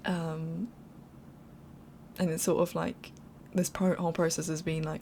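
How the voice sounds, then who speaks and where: A young woman talks through a game build in loose, unscripted voiceover. Her voice sits on the low side with a gravelly fry, and she rambles, apologizes and laughs her way through. A faint hum sits under her voice. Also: level tone, a little slow, darkish tone. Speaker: game speed-build creator. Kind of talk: casual voiceover commentary.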